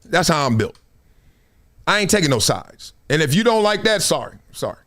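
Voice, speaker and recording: A man's voice: on the high side, moderate pace. A middle-aged man hosting a live sports talk stream, telling stories in a casual way and acting out the lines of the people in them. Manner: animated storytelling, acts out quotes. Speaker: host.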